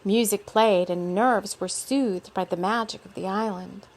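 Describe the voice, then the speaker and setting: A woman reading her own story aloud in a relaxed way, stopping now and then for unscripted asides. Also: medium pitch, unhurried. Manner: relaxed, with off-script asides and laughs.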